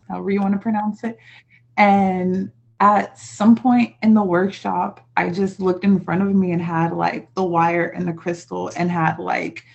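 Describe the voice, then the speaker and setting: A woman on a video call who reads her own poetry and talks about it, in an unhurried, reflective way with casual fillers. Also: medium pitch, vocal fry, a little mellow, muffled recording. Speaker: guest poet.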